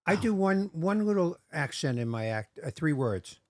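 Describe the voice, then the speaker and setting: Podcast host guy telling jokes, pitch bounces a lot, a bit high. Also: sing-song, normal speed, a little mellow, no room sound, clean studio sound. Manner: storytelling, joke-telling. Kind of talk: casual chat.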